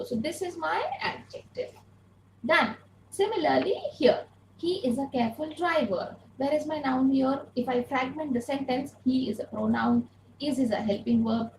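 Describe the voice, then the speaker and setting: High-voiced woman teaching grammar online. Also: creaky, a little mellow, reverberant, slight background noise, poor audio. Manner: patient, repeats key points with rhetorical questions. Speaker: English teacher. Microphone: earphones with mic.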